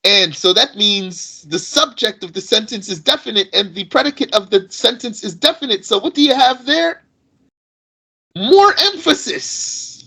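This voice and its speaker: A man teaching Arabic grammar in an explanatory lesson, asking rhetorical questions and reciting Arabic quickly. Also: sits high, expressive, pushed and bright, husky, rough recording.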